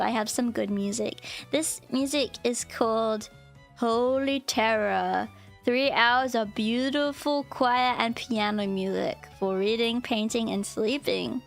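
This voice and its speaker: A playful woman streamer chats with her viewers in a high voice, unhurried and giggly. She often pauses to thank people. Soft music plays faintly behind her. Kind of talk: casual live-stream chat.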